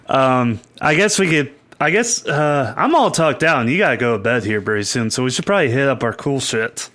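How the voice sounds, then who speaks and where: A man co-hosting a casual podcast chat, swearing freely, rambling and animated. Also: medium pitch, moderate pace. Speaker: podcast co-host.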